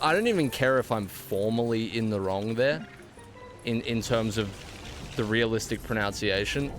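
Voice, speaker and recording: A man's voice: lowish voice, normal speed, faint music behind. A man with an Australian accent streaming a game, chatting casually and playfully with a mock-indignant edge. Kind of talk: casual live-stream chat while gaming.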